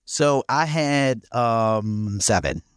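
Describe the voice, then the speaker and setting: A man's voice: medium pitch, lively intonation, drawn-out words, clean tone, no room sound, studio quality. Laid-back philly guy telling stories. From North Philadelphia, USA. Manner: laid-back storytelling, laughs often, blunt and profane. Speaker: guest, real estate investor. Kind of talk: casual podcast interview.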